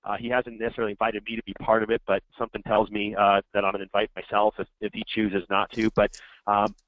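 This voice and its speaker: A man co-hosts a group coaching call and sums up the session in an easygoing manner. His voice is on the low side. The audio is dry and narrow, like a phone line. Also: little pitch movement, fast talker, no echo.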